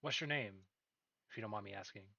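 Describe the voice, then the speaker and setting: A man's voice: on the low side, a little fast, gravelly, bright, forceful tone, dry recording, highs cut off, exaggerated voice. A man voicing a shy, nervous young male shop clerk who stammers when flustered.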